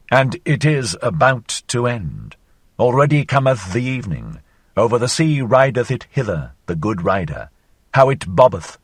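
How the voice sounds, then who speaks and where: Theatrical male audiobook reader, dry sound. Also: no echo. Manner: theatrical, sweeping changes of pitch and loudness. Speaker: audiobook narrator. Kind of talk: reading a philosophical novel aloud.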